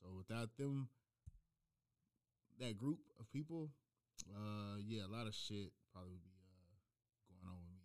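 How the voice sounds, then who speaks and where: A young man on a podcast, speaking reflectively with many pauses and fillers. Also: on the low side. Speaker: podcast co-host. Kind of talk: casual chat.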